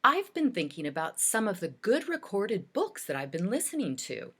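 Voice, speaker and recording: A woman teacher with a medium-pitched voice gives a recorded reading lesson for children. She speaks deliberately and expressively, modeling how to read aloud.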